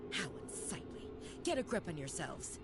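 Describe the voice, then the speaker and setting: A woman's voice: fairly low pitch, sing-song, moderate pace, over loud music. An actress voicing a cold, commanding woman in a video game, giving clipped, stern orders.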